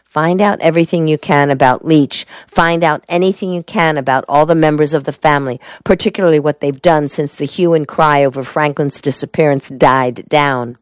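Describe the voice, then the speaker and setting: Woman reading a matter-of-fact male lawyer, low pitch, dry close mic. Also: fairly even intonation, moderate pace, few pauses, no echo, lightly acted.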